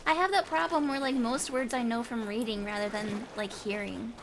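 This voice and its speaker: A woman's voice: high voice, expressive, slow pace, long pauses, background noise. A woman streaming a video game, chatty and self-deprecating, muses aloud and reads the on-screen text. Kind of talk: casual let's-play commentary, reading game text aloud.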